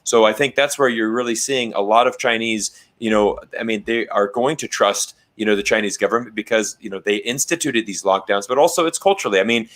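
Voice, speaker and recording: A man's voice: on the low side, brisk, hardly any pauses, fairly bright tone. A man speaking as a livestream panel guest over a video call, talking in a casual way with many fillers and restarts. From Canada.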